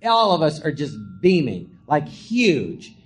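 A man, a comedian guest, telling stories in a live podcast and acting out the quotes in high, shouted voices. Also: huge pitch swings, takes it slowly, a little hiss or hum. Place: podcast theatre before a live audience.

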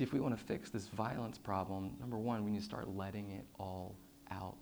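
Man, low-ish voice, stage storytelling talk, loud then hushed, restarts and fillers, faint background hiss. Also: a little fast, gravelly. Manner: swings between loud excited telling and hushed quiet passages; lots of fillers and repeated starts. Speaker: public speaker.

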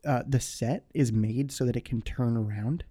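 Young adult male guest, mellow tone, loose rambling chat. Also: mid-range voice, normal speed, husky. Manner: rambling, full of "like" fillers. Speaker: podcast guest. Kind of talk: casual chat.

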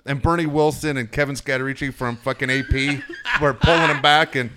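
A man's voice: medium pitch, fairly quick, background noise. A middle-aged man telling stories in a casual, profane chat, acting out what people said. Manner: profane, animated, acts out quotes. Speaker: sports reporter guest.

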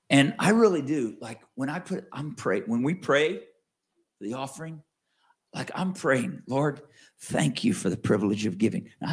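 Preacher with lively, swinging delivery. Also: male voice. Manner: conversational with wide swings in pitch and loudness, slows to stress key words. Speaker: pastor. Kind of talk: sermon.

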